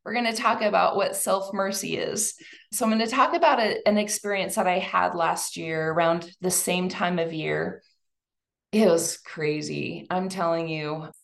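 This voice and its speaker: A woman's voice: lowish voice, steady tone, moderate pace, vocal fry. A woman giving a heartfelt personal testimony talk, speaking directly and earnestly to an audience of women. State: tearful at times.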